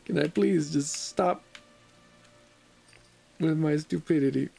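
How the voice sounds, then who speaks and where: A man's voice: on the high side, takes it slowly, creaky, darkish tone, slightly rough, soft background music. A man streaming a video game, grumbling in frustration and calling himself an idiot as he plays. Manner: frustrated, self-deprecating grumbling. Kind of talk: casual gameplay commentary.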